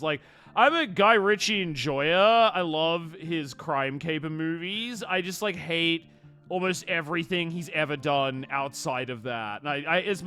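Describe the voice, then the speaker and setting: A man hosting a live stream and chatting casually about movies. He rambles and swears freely, with animated reactions. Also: fairly high pitch, clear, resonant tone.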